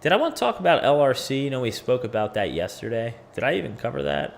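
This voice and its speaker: A man's voice: mid-range voice, lively intonation, moderate pace, creaky, hardly any pauses, a little hiss or hum. A man hosting a casual livestream, chatting with viewers and thinking aloud as he walks through price charts. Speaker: crypto livestream host.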